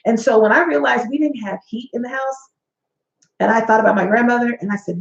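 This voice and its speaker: Speaking briskly in a gravelly, fairly high voice, this life coach in her forties hosts a motivational talk that turns preachy and sassy. She fills it with stories, acting out the quotes, and the room she's recorded in is echoey and dull-sounding.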